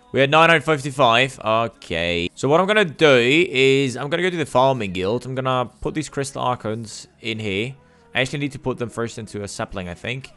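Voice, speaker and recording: A man giving casual gameplay commentary, explaining steps and getting loud and swearing when the game frustrates him. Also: mid-range voice, clean tone. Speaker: gameplay streamer.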